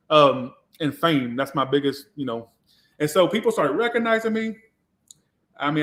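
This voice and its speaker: A man's voice: on the high side, fairly bright tone. A man, a tarot reader from Georgia, telling his own story in a candid, reflective way with some swearing. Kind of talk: casual personal storytelling.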